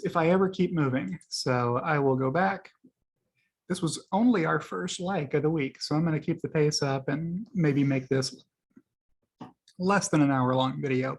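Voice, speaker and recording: A man hosts his own video, casually going through tweets he liked. His voice is a little high with a creaky, breathy edge. He rambles with many fillers and laughs at his own jokes.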